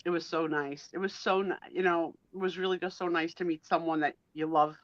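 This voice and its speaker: A woman telling stories in a casual live-stream chat, animated and quick to laugh, acting out what people said. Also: lowish voice, no echo. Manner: animated storyteller, quick laughs, acts out quotes. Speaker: guest co-host of a live sale chat. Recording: dull, dry lo-fi stream audio.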